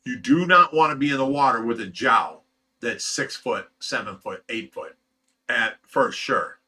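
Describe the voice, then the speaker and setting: Bright-voiced man chatting on a livestream. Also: medium pitch, a little slow, breathy edge. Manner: loose, chuckling, blunt and animated storyteller. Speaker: fish rescue host reading viewer comments. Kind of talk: casual livestream chat.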